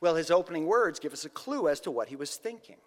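Male pastor, conversational storyteller, very animated pitch. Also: fast talker, long reverb tail. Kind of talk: sermon.

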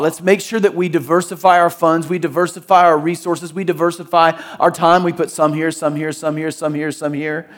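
A middle-aged man from the Jacksonville, Florida area, preaching a sermon in a conversational, storytelling way and acting out voices in his anecdotes. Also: high-pitched. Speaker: pastor.

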